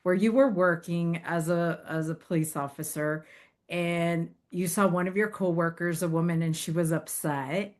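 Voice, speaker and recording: A woman's voice: lowish voice, steady tone, normal speed. A woman hosting an interview, asking her guest to share a story and affirming him often. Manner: warm, encouraging prompts and frequent affirming interjections. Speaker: podcast host and interviewer. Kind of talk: interview chat.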